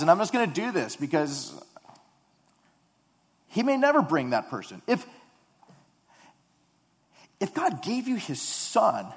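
A male pastor preaching a sermon, swinging from loud urgent build-ups to hushed low passages, with rhetorical questions and repetition. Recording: long hall reverb.

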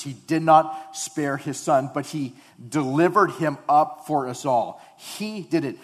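A male pastor preaching a sermon, swinging from loud urgent build-ups to hushed low passages, with rhetorical questions and repetition. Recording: long hall reverb.

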